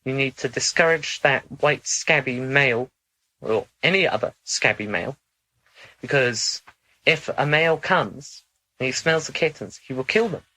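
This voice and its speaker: A man speaking in a channeling session, measured and instructive, sometimes formal in phrasing. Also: mid-range voice, sharp tone, poor audio.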